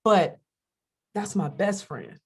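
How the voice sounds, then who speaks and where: A middle-aged woman who hosts radio and does comedy is a frank interview guest discussing faith, speaking slowly in a lowish, slightly rough voice. As she tells her stories, she animatedly performs the voices of those she quotes.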